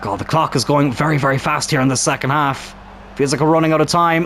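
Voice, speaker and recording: A young man commentating his own football video game match, excitable and swearing at the screen, with a strained throat. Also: fairly high pitch, fast talker, a little hiss or hum.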